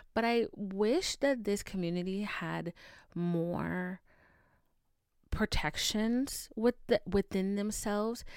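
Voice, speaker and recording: A woman host talks through her podcast in an animated, chatty way and swears freely. Her voice sits in a middle pitch. The recording is dry and close, with no room sound. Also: smooth, no room sound. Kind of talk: casual chat.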